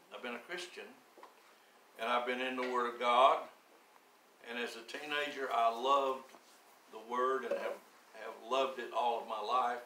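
A man in his seventies delivers a sermon at an unhurried pace. His bright, forceful voice climbs into emphatic declarations. The sound is roomy and echoey, as if picked up in a church sanctuary from some distance off the mic. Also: mid-range voice, a little hiss or hum. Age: 70s. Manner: slow, deliberate storytelling that swells into emphatic preaching. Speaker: preacher.

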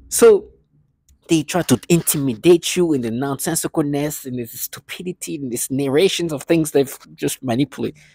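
A man's voice: on the high side, a little mellow, breathy edge, no room sound, studio quality. A man ranting in a vlog monologue, agitated and scornful, repeating himself often. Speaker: vlogger.

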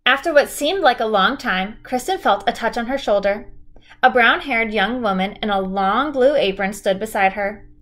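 Woman teacher reading a chapter book aloud, steady, clear, slightly high voice. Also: moderate pace.

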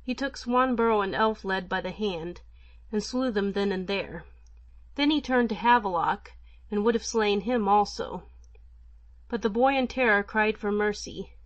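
A woman narrating an old folk tale for an audiobook in a measured, even manner. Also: medium pitch, no echo, highs cut off.

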